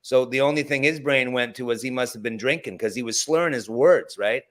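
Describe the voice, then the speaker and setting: A man's voice: mid-range voice, brisk. A middle-aged man speaks as a health coach in a mid-range voice. He tells stories with energy, playing out what people said, in easy conversational talk. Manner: animated storyteller, acts out dialogue. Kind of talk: conversational storytelling.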